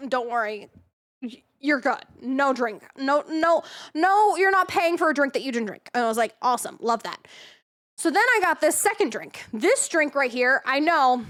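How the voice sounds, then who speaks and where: A young woman streaming tells an animated, casual story, acting out people's lines and swearing without restraint. She speaks in a high-pitched voice.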